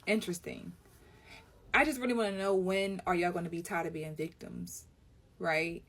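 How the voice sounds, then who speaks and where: Woman, lowish voice, scolding and preachy commentary. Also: fairly even intonation, moderate pace, a bit bright. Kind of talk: commentary to camera.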